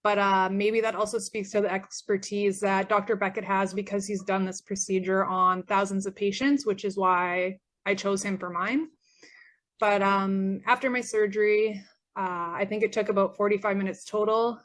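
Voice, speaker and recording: A woman's voice: mid-range voice, flat delivery, moderate pace. A young woman from Canada sharing a personal patient testimonial, earnest and grateful, with frequent fillers, her voice getting worn. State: losing her voice. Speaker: former patient.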